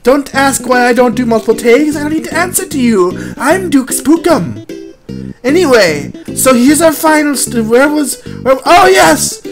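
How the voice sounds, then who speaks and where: A woman's voice: high voice, lively intonation, normal speed. A woman playing a pompous, bumbling male horror storyteller who narrates a spooky story theatrically, with blustery outbursts. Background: plucked guitar music.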